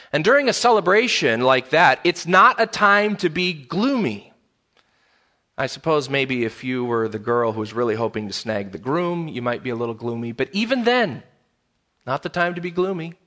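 Bright-voiced man preaching a sermon. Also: medium pitch. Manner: conversational preaching with emphatic repetitions. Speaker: pastor.

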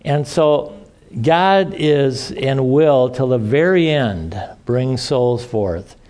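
A middle-aged man preaching an informal sermon, rambling and halting with many fillers and restarts. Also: mid-range voice, animated, a little mellow.

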